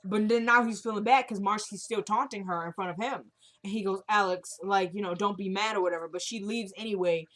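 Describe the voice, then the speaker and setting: Woman vlogger, casual recap, animated retelling, mid-range pitch. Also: a little fast. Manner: retells scenes quoting characters, animated. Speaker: TV episode recapper. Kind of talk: casual episode recap vlog.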